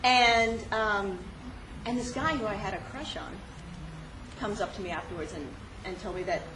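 A woman telling a personal story with animated delivery, frequent laughs and many fillers. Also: mid-range voice, moderate pace. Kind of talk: personal story told on stage. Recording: echoey room with noise.

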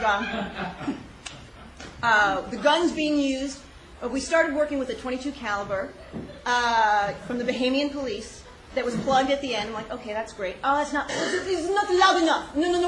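A woman recounts a personal story with an animated, self-mocking delivery, laughing often and filling pauses with "um". Her voice sits fairly high. The recording is roomy and echoey, with steady noise behind her. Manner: animated, laughing, self-deprecating with many fillers. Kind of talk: personal story told on stage.

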